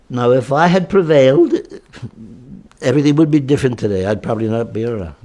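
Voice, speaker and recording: An American man in his nineties, a war veteran telling a personal story in a halting way, with frequent restarts. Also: medium pitch, expressive, creaky, warm tone. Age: 90s. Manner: halting and repetitive, with many restarts and fillers.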